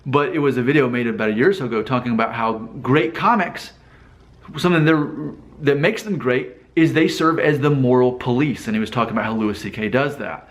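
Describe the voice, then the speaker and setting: A man speaks straight to the camera in a relaxed vlog, working through his thoughts out loud. He asks himself rhetorical questions and often restarts his sentences. His voice sits at an ordinary middle pitch. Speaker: vlogger. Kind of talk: casual talking-head commentary.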